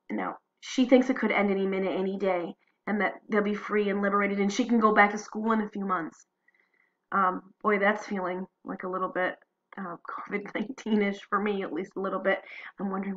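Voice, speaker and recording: Earnest teacher reading, dull lo-fi sound. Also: female voice, medium pitch, fairly bright tone. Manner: earnest reading, then loose chat with many fillers. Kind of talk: reading a diary aloud and commenting.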